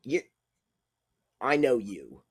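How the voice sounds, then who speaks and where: A man's voice: medium pitch, sing-song, extremely slow, husky. A man guesting on a podcast, laughing a lot and blurting out answers with casual swearing.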